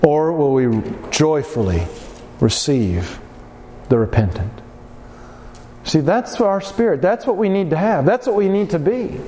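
A man preaching a sermon in a church hall, animated and firing rhetorical questions at his congregation. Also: a little high, a little slow, slight background noise.

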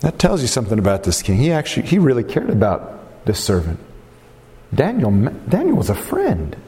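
A man preaching a sermon, telling a story dramatically, with sudden swings in pitch and pace. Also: wildly swooping pitch, normal speed, mellow, big-room sound. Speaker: pastor.

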